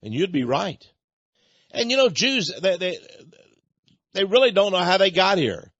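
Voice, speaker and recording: A man's voice: sits high, expressive, measured pace, a bit bright, no echo, lo-fi sound. A man hosting a radio show, talking in an emphatic, mocking, storytelling monologue. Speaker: radio host.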